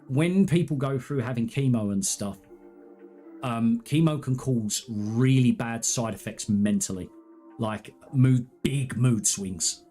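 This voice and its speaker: A man's voice: medium pitch, takes it slowly, warm tone, soft background music. A man chatting on a live stream, telling personal stories in a candid, rambling, earnest way. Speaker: gaming streamer. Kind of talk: casual live-stream chat.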